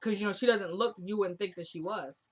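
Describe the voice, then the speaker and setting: A woman's voice: medium pitch, a little fast, slightly rough. A woman giving a casual, rambling recap of a TV episode, stringing together retold scenes with lots of "he's like" and "she's like.". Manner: rambling, retells scenes with many "he's like" quotes.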